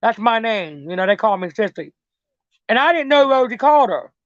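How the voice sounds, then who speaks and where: A woman's voice: a little high, very animated, fairly quick. A middle-aged woman rambles through a story as an interview guest, circling back to the same phrases and swearing freely. Her voice comes through a muffled, lo-fi recording with a dry, close sound and no room echo. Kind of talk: casual storytelling.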